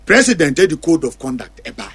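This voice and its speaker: A Ghanaian man with a high voice speaks as a talk show panelist. He makes his critical points while switching between two languages. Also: big pitch swings, normal speed, fairly bright tone, slightly rough. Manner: critical, mixes Twi and English. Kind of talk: political discussion in Twi.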